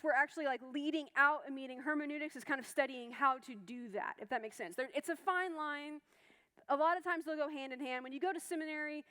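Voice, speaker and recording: A woman's voice: high-pitched, fairly bright tone. A woman teaching a Bible study class in a chatty, reassuring way, with many fillers and restarts. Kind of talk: informal class lecture.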